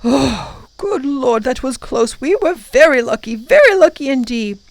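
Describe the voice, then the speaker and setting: A steady older professor speaks in a measured, reassuring way, as a woman reading a storybook voices him. The delivery is unhurried. The room sounds dry. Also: very high-pitched, creaky, no room sound, voice pushed up, full character voice.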